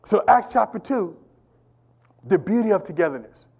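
High-voiced animated man preaching. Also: moderate pace, vocal fry, husky. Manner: animated, repetitive, calls out to the congregation. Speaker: pastor. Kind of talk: sermon. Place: church.

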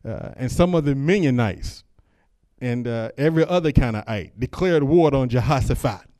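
A man preaching a sermon, talking casually with the congregation and reading scripture aloud, then rising to loud, fervent calls. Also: mid-range voice, expressive, moderate pace, dry recording. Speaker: pastor.

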